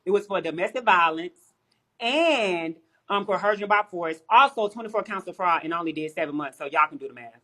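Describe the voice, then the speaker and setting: A man's voice: high voice, lively intonation, brisk, pushed and bright. A man on a live stream talking casually, brash and profane, often repeating words as he starts sentences.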